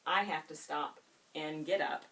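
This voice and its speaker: A woman with a low-sitting voice teaches a reading lesson, captured by a room camera on a distant mic with slight background noise. She asks students questions and stretches key words in an expressive, teacherly manner.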